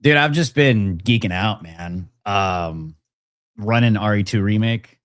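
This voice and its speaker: A man chatting as a guest on a casual podcast, excited and rambling with many restarts. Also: on the low side, unhurried, no room sound, studio quality.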